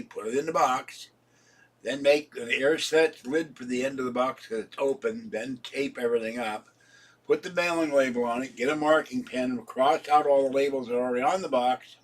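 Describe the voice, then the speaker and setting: A man's voice: mid-range voice, husky, recorded from a distance. Sick seventy-something man rambling at home. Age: 70s. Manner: chatty, laughs at his own jokes, rambling. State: sick, coughing and hoarse. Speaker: vlogger. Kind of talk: casual rambling monologue.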